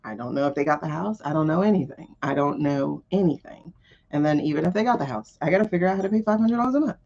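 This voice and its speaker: A woman's voice: deep voice, expressive, fast talker, darkish tone, highs cut off. A woman hosting a live tarot stream, chatting casually and bluntly with her viewers. She swears freely and laughs often.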